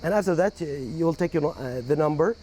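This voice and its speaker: A man's voice: on the high side, animated, fast talker, dark tone, a little hiss or hum. A man explaining a procedure step by step, with fillers like "you know" and "okay".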